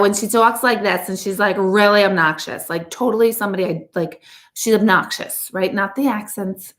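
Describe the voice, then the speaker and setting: A middle-aged woman and intuitive coach, chatting casually and candidly to her viewers in a blunt, talkative way. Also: medium pitch. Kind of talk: casual live chat to viewers.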